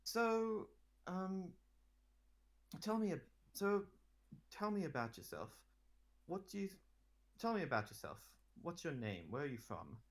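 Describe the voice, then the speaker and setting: A man's voice: high voice, big pitch swings, unhurried, pauses often, voice pushed up, exaggerated voice. A man voicing a bored, haughty woman who rules a great library, speaking in an imperious, weary way.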